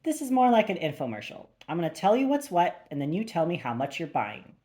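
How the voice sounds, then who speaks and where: Cocky male spy faking a mobster, swaggering, lively reading, woman doing it. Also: fairly low pitch, a little fast. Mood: brash. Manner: brash, swaggering.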